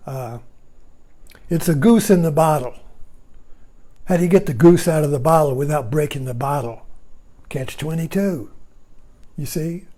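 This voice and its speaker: A man's voice: a little high, normal speed, pauses often, dark tone. A man giving a rambling, casual talk, chuckling often and breaking off mid-sentence. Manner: chuckling, digressive, self-interrupting. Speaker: speaker on Zen and irony.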